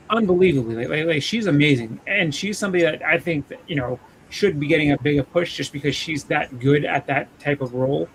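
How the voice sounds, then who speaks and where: Guy with a gravelly kinda high voice, rambling wrestling chat w/ lots of restarts, bit of noise behind. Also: a bit bright, poor audio. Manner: halting, many restarts and fillers. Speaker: podcast co-host.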